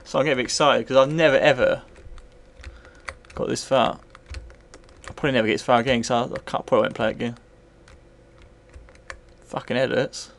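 A man's voice: medium pitch, a little fast, creaky, pauses often, slight background noise. A tipsy man commentating live as he plays and reviews an old computer game, swearing freely and rambling. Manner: sweary, rambling, bursts into excited yells.

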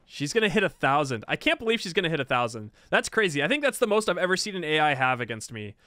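A man giving casual, excitable commentary while playing a video game, exclaiming and laughing at what happens. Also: on the high side, fast, no echo.

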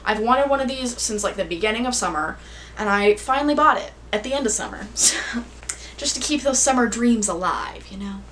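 A woman's voice: a little high, animated, brisk, fairly bright tone, a little hiss or hum. Bubbly young woman rambling through a haul. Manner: bubbly, rambling, self-teasing, heavy use of "like". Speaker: vlogger. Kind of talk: casual haul vlog chat.

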